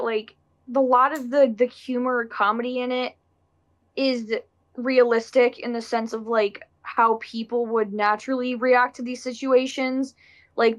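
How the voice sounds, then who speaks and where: A woman chatting casually about a film, acting out people's reactions with lots of fillers. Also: fairly high pitch. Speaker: podcast co-host. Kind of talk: casual movie discussion.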